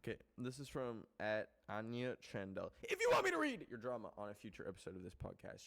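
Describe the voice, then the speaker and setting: A young man hosting a casual podcast, rambling with lots of filler words and swearing, jumping from loud outbursts to soft muttered asides. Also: fairly low pitch, gravelly. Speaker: podcast host.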